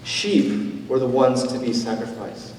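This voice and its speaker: A man preaching a sermon as pastor, with a conversational, gentle manner and casual fillers. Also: medium pitch, measured pace, slight background noise. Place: church sanctuary. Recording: roomy church hall, from a distance.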